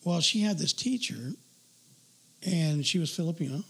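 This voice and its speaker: Male co-host, husky, a bit high-pitched, crude and joking in casual chat. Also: animated, moderate pace, fairly bright tone.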